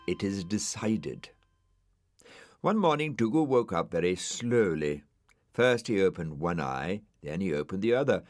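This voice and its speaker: A man narrating a children's storybook audiobook in an expressive, unhurried way. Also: deep voice, dry recording, studio quality, faint music behind.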